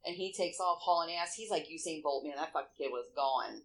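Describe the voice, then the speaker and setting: A woman's voice: sits low, fairly quick, rough recording. Rambling mother of a grown son. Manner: animated, rambling, swears, frequent fillers. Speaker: podcast co-host. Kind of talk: casual chat.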